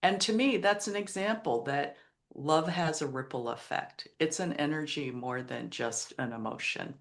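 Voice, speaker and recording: A woman's voice: low voice, normal speed. A middle-aged woman, a podcast guest and author, telling heartfelt personal stories in an earnest, emotional way. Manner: earnest, emotional, retells quotes in other voices. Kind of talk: heartfelt storytelling interview.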